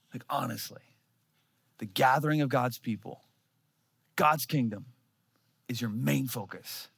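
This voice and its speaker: A man in his thirties preaching a sermon, telling a story with animated, self-mocking humor. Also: medium pitch, normal speed, vocal fry, pauses often, slightly rough, no echo. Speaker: pastor.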